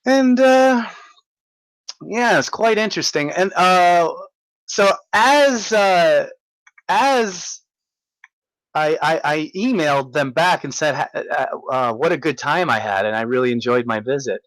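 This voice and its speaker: A man telling a rambling, excitable story in a casual vlog, stumbling over restarts and fillers as he marvels at things. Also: a little high, dry recording, low-quality recording. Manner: halting, many restarts and fillers. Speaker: vlogger recounting a visit.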